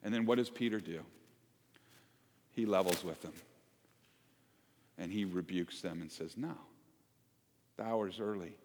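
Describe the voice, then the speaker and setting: A man preaching a sermon as pastor, conversational and animated, asking the congregation questions. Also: low voice, measured pace, pauses often, slight background noise. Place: church sanctuary. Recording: long church reverb.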